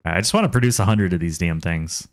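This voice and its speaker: A man's voice: deep voice, quick pace, no room sound, clean studio sound. A man with a Texan accent chatting casually through a game stream, talking to himself and his chat and laughing often. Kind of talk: casual gameplay commentary.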